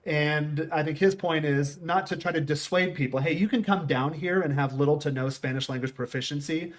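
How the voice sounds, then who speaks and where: A man's voice: on the high side, fairly quick. Rambling middle-aged American man. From United States. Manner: rambling storyteller, quotes people in voices. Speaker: host. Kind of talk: casual conversation.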